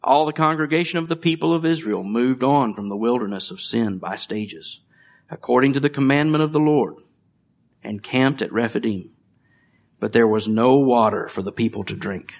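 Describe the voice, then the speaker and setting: A man's voice: medium pitch, moderate pace. A middle-aged man preaching a conversational sermon, reading scripture and joking about his children. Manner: conversational, with light jokes and laughs. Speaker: pastor.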